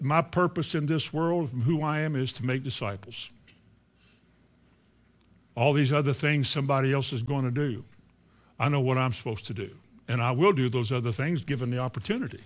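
A man preaching a sermon, moving between quiet asides and loud, emphatic lines. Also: medium pitch.

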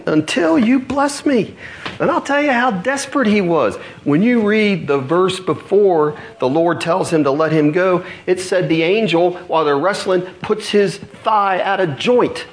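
Animated middle-aged male preacher. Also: high-pitched, measured pace. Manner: animated, storytelling preacher acting out voices. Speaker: pastor. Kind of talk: sermon.

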